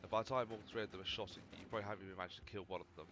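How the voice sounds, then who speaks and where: Speaking very fast in a lowish, steady tone, this gaming video host narrates his gameplay casually, rambling and poking fun at himself. Music plays in the background, and the mic is slightly overdriven.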